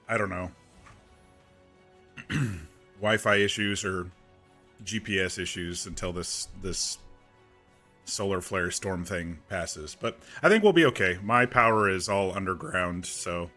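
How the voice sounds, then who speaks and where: A man hosting a relaxed live stream, chatting with viewers and greeting them by name, rambling along with small restarts. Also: low-pitched, measured pace, pauses often, faint music behind. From United States. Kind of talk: casual live-stream chat. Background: game soundtrack playing faintly.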